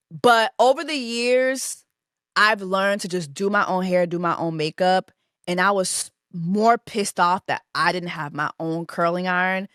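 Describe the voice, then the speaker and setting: A woman hosting a podcast, telling a story in a casual, animated and profane way. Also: fairly low pitch, dry recording, clean studio sound. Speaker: podcast host.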